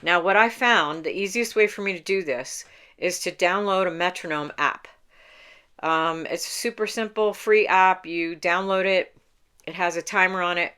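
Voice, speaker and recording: Low, smooth-voiced woman meditation coach. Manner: calm, unhurried, explains step by step with small laughs. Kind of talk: instructional talk to camera.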